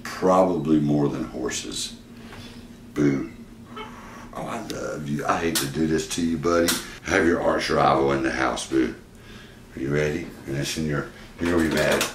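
A man's voice: extremely low pitch, moderate pace, long pauses. Man, home vlog, affectionate and laughing, echoey room, background noise. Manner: affectionate, laughing, talks to his pet. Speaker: pet owner and channel host. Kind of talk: casual home vlog with his pet. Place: indoors at home.

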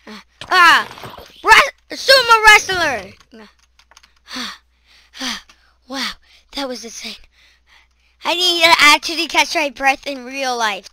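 High, sharp-voiced woman shrieking through gameplay. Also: sing-song, slow, pauses often. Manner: shrieks and screams at monsters, chatters to herself. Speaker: gaming channel host. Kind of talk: let's-play commentary.

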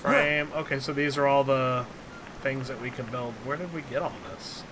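A man's voice: medium pitch, moderate pace, crowd noise. A man giving casual, jokey commentary while playing a co-op survival game, yelping at scares. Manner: excitable, jokey, yelps at scares. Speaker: gaming channel host.

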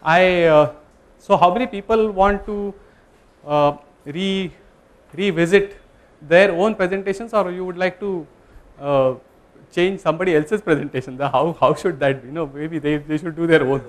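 A man's voice: a little high, normal speed. A man giving a classroom lecture, talking in a conversational way, polling the students and correcting himself mid-sentence. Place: lecture room.

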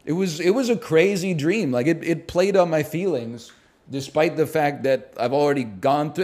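A man's voice: fairly high pitch, animated, normal speed, a little mellow. A man in his thirties from Canada, chatting casually on a stream in a rambling, sardonic way and swearing freely.

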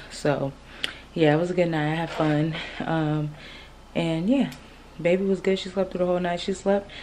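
Young female vlogger, lowish voice, loose chatty delivery, off-mic with background noise. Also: dark tone, recorded from a distance, rough recording. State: out of breath after climbing stairs. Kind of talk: casual vlog chat.

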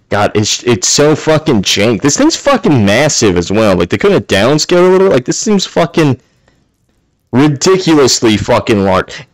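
A man's voice: on the low side, dry recording. A man giving gameplay commentary while playing in VR, ranting with constant swearing and exasperation. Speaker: gamer playing in VR.

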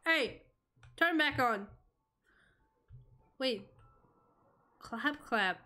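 A young woman streaming a horror game, reacting out loud, swearing and talking to the game as she plays. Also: high voice, expressive, extremely slow, faint music behind. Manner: jumpy, swearing, talks to the game. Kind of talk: live gameplay reaction.

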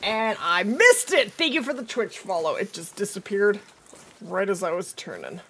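A woman hosting a live gaming stream, chatty and excitable, laughing often as she reads out chat, while she is losing her voice. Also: mid-range voice, normal speed, breathy edge. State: losing her voice, throat not clearing. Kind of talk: live gameplay commentary.

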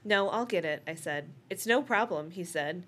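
A woman's voice: fairly low pitch, lively intonation, normal speed, fairly bright tone. A woman co-hosting a podcast, reading a novel aloud and laughing between passages. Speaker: podcast co-host.

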